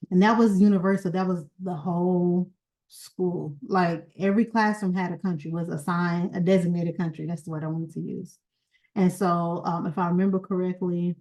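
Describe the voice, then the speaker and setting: A woman hosting her own channel, casually reminiscing in a rambling, chatty way, pausing to search for words and a little sleepy. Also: on the low side, mellow, low-quality recording. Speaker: genealogy channel founder and host.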